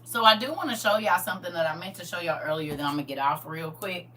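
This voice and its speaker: A middle-aged woman hosting a livestream, telling family stories in a lively, laughing, colloquial way. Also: lowish voice, fast talker. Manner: animated, laughing, colloquial storyteller who talks straight to viewers. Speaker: livestream host. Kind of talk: casual storytelling chat. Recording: distant mic with faint hum.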